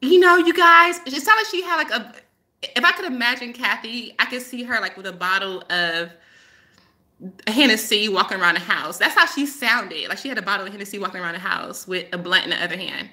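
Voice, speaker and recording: A woman hosts a casual live-stream as a spiritual healer, her mid-range voice a little fast, bright and forceful. She rambles freely and laughs often as she tells her stories.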